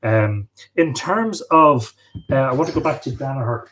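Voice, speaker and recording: A man's voice: medium pitch, expressive, moderate pace, a bit bright, a little hiss or hum. A man hosting a live stream, reading passages from books aloud and breaking off for casual asides. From Ireland. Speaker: host.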